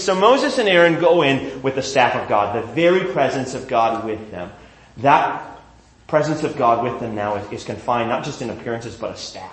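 A man leading a Bible lesson, storytelling in a lively, conversational manner. His voice sits high, and the room around him is echoey. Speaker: Bible teacher.

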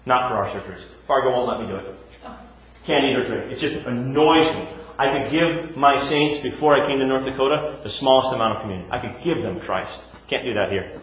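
A man's voice: mid-range voice, a little fast. A man, a pastor, teaching in a conversational sermon, asking questions and answering them himself. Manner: animated, shifting from emphatic to quiet. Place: church. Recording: echoey church room.

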